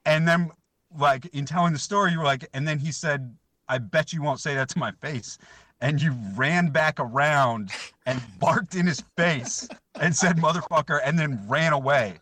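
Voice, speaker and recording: A young man chats as a podcast guest, rambling through an old story and laughing along the way. His voice is bright and clear, recorded dry and close. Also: fairly high pitch, normal speed, no echo. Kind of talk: casual podcast chat.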